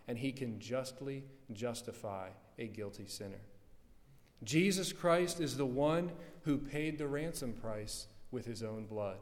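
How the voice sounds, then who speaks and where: A man preaching a sermon with fervour, rising to loud passages and dropping to hushed ones. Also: medium pitch. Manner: fervent, swinging from loud to hushed. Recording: long reverb of a hall.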